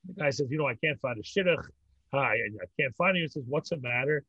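Older male rabbi guest, husky voice, rambling joke-teller, dull dry line. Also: medium pitch, animated, fairly quick, pushed and bright, no room sound. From North America. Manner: rambling, repeats words, tells old jokes with laughs. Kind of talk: storytelling conversation.

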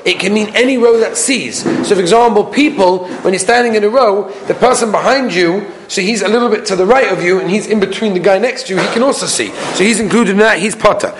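A man giving a daily Talmud lecture, reading out phrases and explaining each one quickly, with the odd chuckle. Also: high-pitched, a little hiss or hum. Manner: quick explanatory delivery, translating phrases as he reads. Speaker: Talmud teacher.

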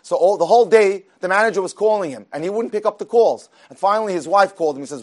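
A man with a high-sitting voice speaks fast as he retells an inspirational story conversationally. He animates the characters by acting out their dialogue, often restarting sentences and repeating words.

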